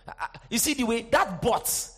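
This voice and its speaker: A male preacher with a high voice delivers a lively sermon. He surges into shouted, sing-song refrains and then drops to hushed, confiding asides, checking in with the congregation again and again. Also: moderate pace, husky. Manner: asks the congregation for response, sing-song emphasis.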